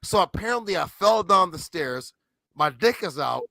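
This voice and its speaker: A man telling profane stories in casual chat, animated and loud when he acts out quotes. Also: high voice, moderate pace, gravelly, dry recording, poor audio. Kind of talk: casual crude storytelling.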